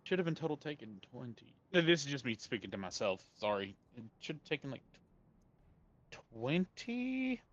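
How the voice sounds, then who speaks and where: A man's voice: mid-range voice, sing-song, moderate pace, dull audio. A man playing a tabletop game, thinking aloud through rules and dice math. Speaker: player.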